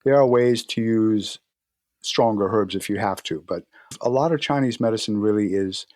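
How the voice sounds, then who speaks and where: A man with a lowish voice talks through his work in an easy, storytelling manner. He slips into quick little acted-out exchanges with patients. The sound is dry and close, with no room around it. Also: dry recording. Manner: relaxed storytelling, acts out patient dialogue. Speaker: guest practitioner. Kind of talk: conversational interview.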